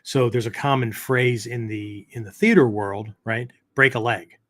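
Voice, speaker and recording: A man's voice: medium pitch, fairly even intonation, unhurried. Rambling man saying "right?". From United States. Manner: peppers talk with "right?" and "okay?"; rambling, self-correcting explanations. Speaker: martial arts podcast host. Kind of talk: casual teaching talk.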